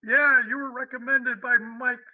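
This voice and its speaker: Guy doing a gruff blunt new york office man, higher voice, kinda muffled dry audio. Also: little pitch movement, a little slow, no echo.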